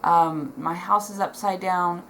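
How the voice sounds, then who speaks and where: A woman's voice: fairly low pitch, fairly even intonation, unhurried, bright, forceful tone, low-quality recording. Middle-aged woman vlogging at home, emotional and heartfelt, lots of ums, a bit of hiss behind. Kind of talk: casual chat to camera. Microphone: camera in front, reading notes below it.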